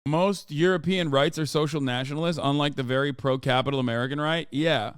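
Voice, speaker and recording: Man in his 30s, Turkish native, streamer; sarcastic, animated profane commentary, smooth clear tone. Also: on the high side, a little fast, no echo, clean studio sound. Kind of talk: casual livestream reaction commentary.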